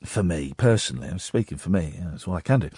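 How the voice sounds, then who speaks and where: A man hosting a late-night radio show from a studio, talking excitably with stammering restarts. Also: deep voice, quick pace, breathy edge, no room sound. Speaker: radio host. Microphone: studio microphone.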